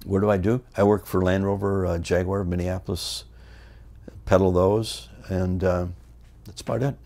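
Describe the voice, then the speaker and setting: Older man telling wrestling road stories. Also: moderate pace. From United States. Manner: animated storyteller, acts out the people in his stories in loud high voices. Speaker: interview guest, former wrestler. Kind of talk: shoot interview storytelling.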